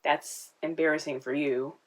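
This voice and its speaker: A woman's voice: sits low, steady tone, normal speed. A woman hosting a casual reaction video, chatting and talking back at the screen.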